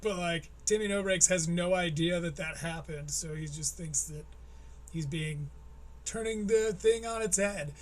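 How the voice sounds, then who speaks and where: Male stream host, high voice, sarcastic play-by-play commentary with plenty of swearing. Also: measured pace. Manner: sarcastic, profane, mocking. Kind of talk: live-stream commentary on a clip.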